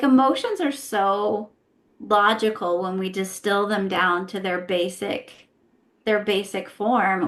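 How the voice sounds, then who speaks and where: As a podcast guest, a former therapist lays out her perspective casually, answering her own rhetorical questions and frequently adding "right?". She has a mid-range, fairly bright voice.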